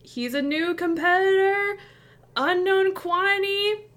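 A woman's voice: very high-pitched, takes it slowly, a bit bright, voice pushed up, heavily acted. A woman voicing a showy male fish-like arena announcer who draws out his words grandly. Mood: grandiose.

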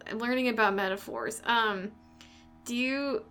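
A woman's voice: a little high, a little slow, fairly bright tone, slight background noise. A woman playing a tabletop role-playing game, curious and playful. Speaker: player.

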